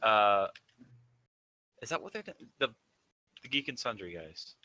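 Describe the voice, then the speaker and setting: A man's voice: lowish voice, lively intonation, a little slow, bright, forceful tone, rough recording. A man playing a tabletop game with friends, talking casually and hesitantly, often searching for words. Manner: hesitant, lots of uhs and restarts. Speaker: player. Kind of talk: casual gaming chat.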